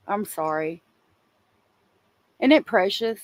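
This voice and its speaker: Woman host, casual and emotional, speaks straight to her livestream chat at a medium pitch, recorded dry. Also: measured pace, no echo. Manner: chatty, emotional, talks to viewers in chat. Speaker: true crime livestream host.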